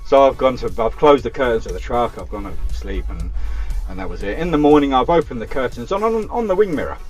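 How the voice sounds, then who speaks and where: A man's voice: mid-range voice, fast, soft background music. A man with an Essex accent, a taxi driver telling stories in a casual chat. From Essex, England. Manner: chatty, animated anecdote telling.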